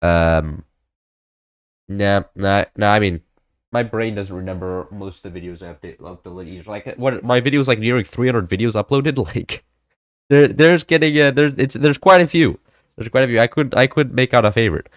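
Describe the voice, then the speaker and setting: A man's voice: fairly low pitch, moderate pace, no echo, clean studio sound. A young man chatting casually as a gaming creator, rambling with many fillers and restarts. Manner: rambling, filler-heavy, animated. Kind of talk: casual chat.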